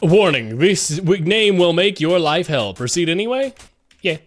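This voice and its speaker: Rambling sweary streamer, lively pitch. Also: male voice, measured pace. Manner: rambling, sweary, humming along to the music. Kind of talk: live let's play commentary. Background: game music.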